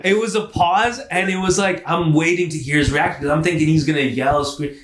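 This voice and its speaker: A man co-hosting a podcast, telling a personal story in a casual, animated way, swearing and saying "like" often. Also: on the high side, fairly quick, reverberant. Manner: animated, profane, repeats words and says "like" often. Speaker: podcast co-host.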